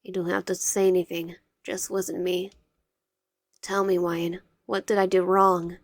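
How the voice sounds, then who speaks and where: A woman's voice: lowish voice, flat delivery, moderate pace, no room sound. Woman voicing a clingy pleading teenage boy. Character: possessive tearful teenage boy classmate, pleading.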